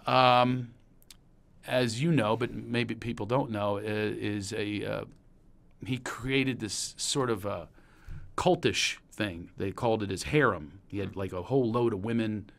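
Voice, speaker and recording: A middle-aged man from Pennsylvania with a Pennsylvania accent, hosting a podcast and telling long personal stories in a rambling, animated way. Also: on the low side, measured pace, vocal fry. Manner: rambling and storytelling, animated when recalling anecdotes. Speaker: podcast host. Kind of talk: casual chat.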